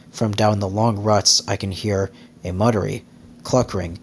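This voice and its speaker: A man gives voice to a simple-minded young hen who strings her small thoughts together in one breathless chant. The voice sits low and plain, like a storybook read aloud. A faint hiss hangs beneath it. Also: fairly bright tone. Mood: awed.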